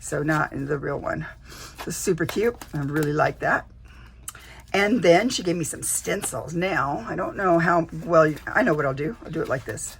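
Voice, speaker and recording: A woman's voice: deep voice, normal speed, gravelly, slight background noise. A woman chatting casually to camera, showing off a journal she received in a swap, with lots of fillers and restarts. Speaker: junk journal vlogger. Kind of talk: casual show-and-tell chat.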